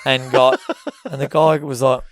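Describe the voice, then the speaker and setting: A man's voice: medium pitch, little pitch movement, measured pace, dry recording. A young Australian man co-hosting a podcast, telling a long rambling story in casual chat, swearing freely and acting out the people in it. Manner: rambling, swears freely, acts out voices in his stories. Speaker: podcast co-host.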